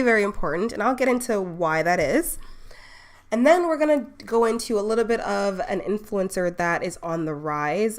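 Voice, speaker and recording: A young woman from the Bahamas with a slightly low voice hosts a casual live stream about her online businesses. She talks in a loose, chatty way, often checking in with her viewers and laughing at herself.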